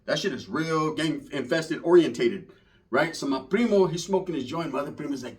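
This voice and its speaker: A man's voice: mid-range voice, brisk. A man telling a rambling, profane street story in casual slang, full of asides. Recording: voice from far off the mic.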